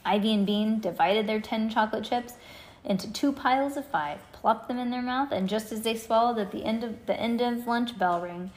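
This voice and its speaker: Woman reading a chapter book to her kids, lively, slightly high voice. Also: moderate pace. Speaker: parent reading to her children. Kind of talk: reading a children's book aloud.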